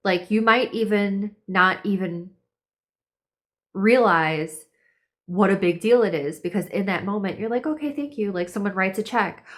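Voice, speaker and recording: Woman, horoscope reader, casual and chatty, middle pitch, fillers galore. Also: a little slow, fairly bright tone. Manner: chatty, lots of "like", acts out quoted voices. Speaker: tarot and astrology reader. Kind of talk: casual spiritual reading.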